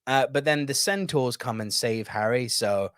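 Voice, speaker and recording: A man's voice: mid-range voice, moderate pace, a bit bright, smooth, no room sound, studio quality. A man hosting a casual movie review video, chatty and reading out viewer comments.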